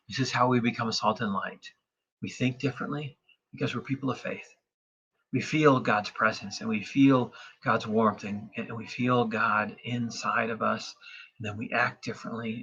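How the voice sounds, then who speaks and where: A pastor delivers a meditative sermon, reading scripture slowly and inviting listeners to breathe with him. His voice is bright but a little husky, and the recording sounds dull and lo-fi, as in an online service. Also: medium pitch.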